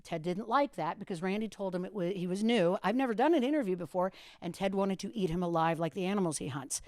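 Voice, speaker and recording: A woman in her fifties, a radio host on a podcast, telling stories with big, lively swings into a high voice when she quotes people. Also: fast, no room sound, studio quality. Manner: animated storyteller, acts out quotes in a high voice. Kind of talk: casual storytelling chat.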